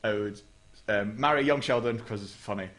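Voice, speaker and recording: A man's voice: fairly low pitch, normal speed, a bit bright. A man as comedy sidekick, answering questions in a goofy, earnest way. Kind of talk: comedic banter.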